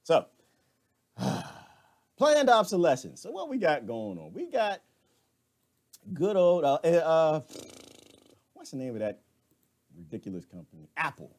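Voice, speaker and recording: A man's voice: on the high side, unhurried, long pauses. A man hosting a live stream, ranting casually in a colloquial way with laughs and asides to viewers. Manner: animated, laughing, talks back to viewers.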